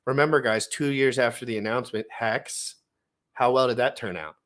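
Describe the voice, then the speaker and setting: A young man hosts a casual livestream in a mid-range voice, neither high nor low. He talks in a hyped, slangy way and reads out viewers' names. He rambles and often restarts his sentences. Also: normal speed, a bit bright. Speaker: livestream host.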